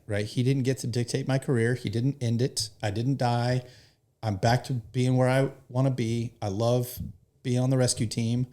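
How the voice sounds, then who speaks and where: A man's voice: mid-range voice, darkish tone. An American man, a firefighter, telling a personal story in an earnest, emotional way and swearing casually. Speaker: firefighter guest.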